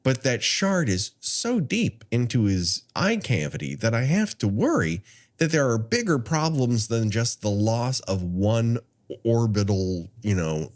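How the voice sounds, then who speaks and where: A man's voice: mid-range voice, very animated, a little slow. A man co-hosting a podcast, recapping a horror film in casual chat with wry asides and frequent laughs. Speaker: podcast co-host.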